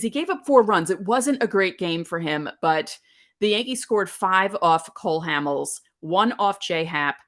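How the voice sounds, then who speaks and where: A woman's voice: medium pitch, a bit bright. A woman in her thirties hosting a podcast, telling a nostalgic story in a chatty way with lots of asides. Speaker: podcast host. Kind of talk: casual solo podcast talk.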